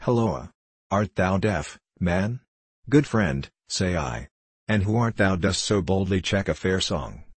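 A witty, jovial young outlaw full of teasing jests, as a man reads him aloud. His archaic lines come in a deep, slightly husky voice. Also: lively intonation, slow pace, no echo, heavily acted. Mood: jesting.

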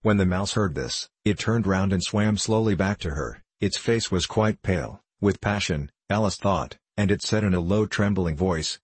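A man narrating a storybook in a measured, even way. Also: low-pitched, slightly rough, no room sound. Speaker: audiobook narrator.

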